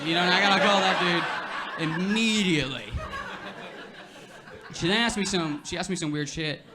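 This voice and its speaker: Heavy background noise surrounds this young stand-up comedian, whose high voice runs a little fast. Performing at a club, he keeps things casual, leaning on "like" and "you know" as the audience laughs.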